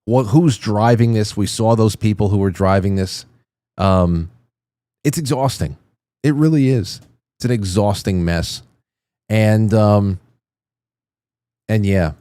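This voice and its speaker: A man's voice: lowish voice, slow, long pauses, dark tone, no room sound, clean studio sound. A man hosting a political commentary show, ranting with indignant, profane outrage. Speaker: show host.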